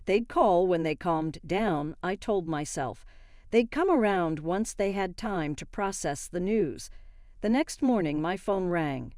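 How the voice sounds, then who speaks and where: A woman reading a first-person story in an even, steady narration. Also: fairly low pitch, unhurried, no echo, clean studio sound.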